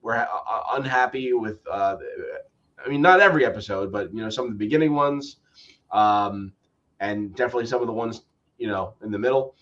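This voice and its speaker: A man with a stuffy nose from allergies co-hosting a review podcast, talking in a halting way with many restarts. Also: on the low side, a bit bright, muffled recording. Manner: halting, many repeated starts. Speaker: podcast co-host. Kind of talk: casual review chat.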